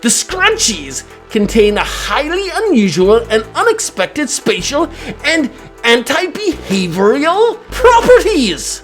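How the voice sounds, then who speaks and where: A man's voice: extremely high pitch, wildly swooping pitch, takes it slowly, fairly bright tone, soft background music. A man delivering an absurd, grandiose comedic character monologue in a boastful, theatrical manner. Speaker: comedic vlogger.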